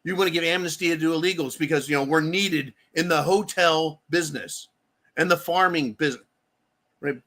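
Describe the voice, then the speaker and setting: Male commentator, high bright voice, profane and heated, sarcastic rant delivery. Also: moderate pace. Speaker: political commentator. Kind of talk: angry political rant.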